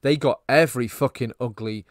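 A man's voice: mid-range voice, brisk, no echo. A man chats through a cheesy film on a podcast. He rambles and swears, and the close mic is dry and free of room sound. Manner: rambling, swearing, laughing at his own jokes. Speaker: podcast co-host. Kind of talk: casual film-review chat.

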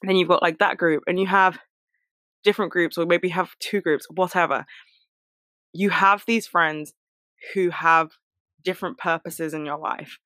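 A young woman talking casually to listeners and giving friendship advice, full of fillers, her voice jumping high when she gets excited. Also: moderate pace, pauses often, no room sound, studio quality.

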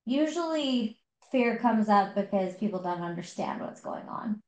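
A woman's voice: medium pitch, lively intonation, a little slow. Chatty woman in an echoey room. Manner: chatty, many fillers and restarts. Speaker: podcast co-host. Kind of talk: casual book discussion. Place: home.

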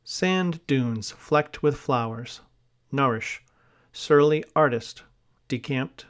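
A man slowly reading a vocabulary list aloud, word by word, pausing to spell some words and note the hyphens. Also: mid-range voice. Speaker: vocabulary reader.

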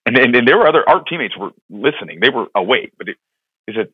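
Over a dry, tinny phone line with no room sound, a pastor in his thirties from Florida talks fast and animatedly in a husky, mid-range voice. As a podcast guest he tells a heartfelt personal story earnestly, full of fillers and repeated words.

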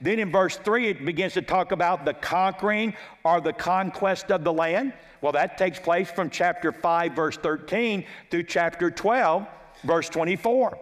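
Preaching an expository sermon from the pulpit, a pastor with a rather high male voice takes an unhurried approach. Chapter-and-verse references are handled methodically and his main points get restated for emphasis, all ringing with the long echo of a church sanctuary.

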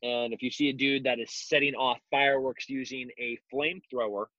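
A man's voice: medium pitch, steady tone, brisk, sharp tone, no echo. Man, blunt guest, mocking asides, dry close sound, dull lo-fi recording. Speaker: guest, self-defense instructor. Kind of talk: casual interview talk.

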